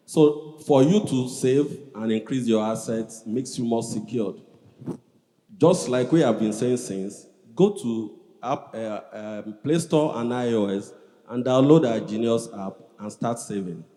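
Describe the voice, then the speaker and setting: A man giving earnest, measured closing remarks as a panelist, with brief hesitations. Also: medium pitch, warm tone. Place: large event hall. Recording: roomy hall with long echo.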